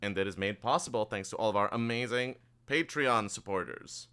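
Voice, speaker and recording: A man hosting and game-mastering a tabletop game, narrating scenes in a relaxed, playful way with light teasing. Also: on the low side, a little fast, smooth. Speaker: game master and show host.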